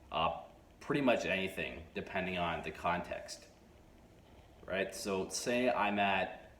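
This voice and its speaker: A man hosting a self-improvement channel, giving advice straight to camera in a halting way, restarting his phrases and taking measured pauses. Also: low voice. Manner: halting, frequent restarts and stutters. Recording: echoey room with faint noise.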